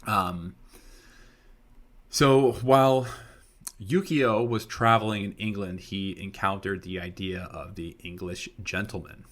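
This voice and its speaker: A man's voice: low voice, steady tone, slow, fairly bright tone. A young man co-hosting a history podcast, chatting casually and drifting into rambling side stories. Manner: rambling storyteller who digresses. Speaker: podcast co-host. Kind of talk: casual chat.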